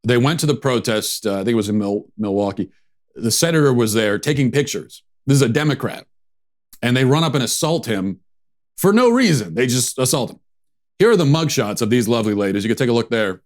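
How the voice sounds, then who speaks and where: A man's voice: medium pitch, lively intonation, a little fast. A man hosting a political commentary show, sarcastic and dismissive in a conversational way.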